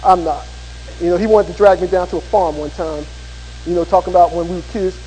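Very high-pitched male pastor, folksy storyteller turning fervent, long hall reverb. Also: steady tone, fast talker, dark tone, slight background noise. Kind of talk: sermon.

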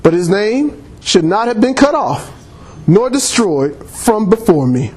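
A man's voice: high voice, big pitch swings, measured pace, a little mellow. A man preaching a sermon in church, reading scripture and calling on the congregation for amens, laughing often.

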